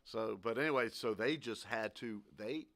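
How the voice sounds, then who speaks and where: A man's voice: fairly low pitch, moderate pace, a bit bright. A man co-hosting a casual radio talk show, chatty and easily amused, asking questions.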